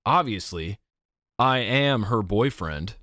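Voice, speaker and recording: A man's voice: lowish voice, animated, takes it slowly, pushed and bright, dry recording, exaggerated voice. A man voicing a blunt, pushy teenage boy in an audiobook, talking in a teasing way.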